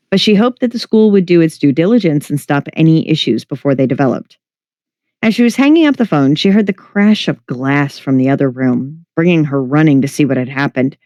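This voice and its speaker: A reader narrating a short fiction story in a steady, even way. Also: medium pitch, no room sound, highs cut off. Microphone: home mic, livestream.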